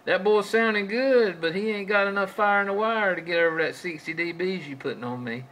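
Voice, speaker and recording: A man's voice: high voice, fast talker, sharp tone, poor audio. A man trading folksy CB radio chatter with other operators, drawing out his calls and repeating his stock phrases.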